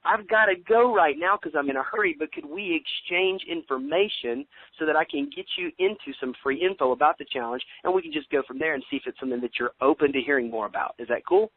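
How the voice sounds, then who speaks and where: Energetic man training over a phone line. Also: fast, dry recording. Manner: energetic, preachy, acts out sample phone pitches. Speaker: sales trainer. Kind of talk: motivational training call.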